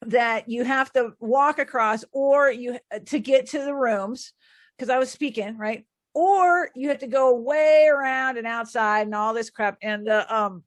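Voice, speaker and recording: A woman's voice: on the high side, dry recording. A woman hosting an interview, prompting her guest and setting up her own story in casual talk. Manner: encouraging listener, frequent "mm-hmm" and "uh-huh". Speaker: host.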